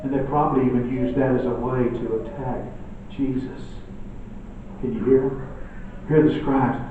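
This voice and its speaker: A man preaching a sermon, swinging between loud emphatic lines and hushed quiet ones. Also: mid-range voice, fairly even intonation, normal speed, long pauses. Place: church sanctuary. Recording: echoey church room from far off, dull.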